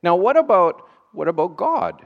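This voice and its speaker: A man's voice: high voice, big pitch swings, moderate pace, gravelly, highs cut off. A man preaching a sermon in a conversational way, with dry sarcastic asides.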